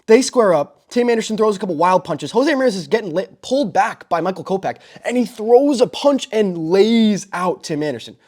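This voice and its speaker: A young man hosting a sports show, recapping a baseball brawl with excitable commentary and loud exclamations. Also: high-pitched, a little fast, hardly any pauses. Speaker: host.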